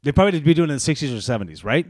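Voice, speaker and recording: A man's voice: a little high, sing-song, racing, darkish tone, dry recording, clean studio sound. A man, co-hosting a casual podcast, joking and teasing with frequent laughs. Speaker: podcast co-host. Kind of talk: casual chat.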